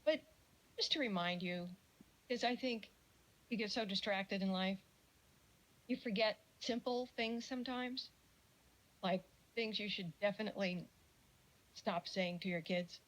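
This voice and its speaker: A woman's voice: medium pitch, measured pace, pauses often, rough recording. Chatty woman giving a mini lecture. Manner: storytelling, acts out quoted voices.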